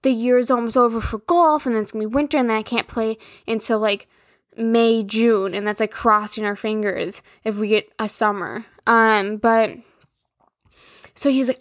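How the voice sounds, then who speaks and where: Young woman ranting on her podcast, cussing a lot, kinda high voice, dry close sound. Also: fairly even intonation, normal speed, dry recording. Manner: blunt, profane, exasperated storytelling. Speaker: podcast host. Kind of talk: casual solo rant.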